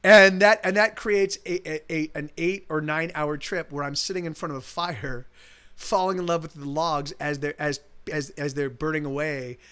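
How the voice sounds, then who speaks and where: A man's voice: a little high, fairly even intonation, moderate pace, a bit bright, clear, resonant tone. A male musician streaming live, telling a rambling, casual story full of restarts and swearing, with faint guitar behind.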